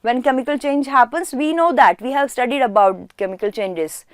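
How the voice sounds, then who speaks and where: A woman's voice: sits high, normal speed, clean tone, dry recording, clean studio sound. A woman teaching a chemistry class online, who asks questions and answers them herself and repeats key words for emphasis.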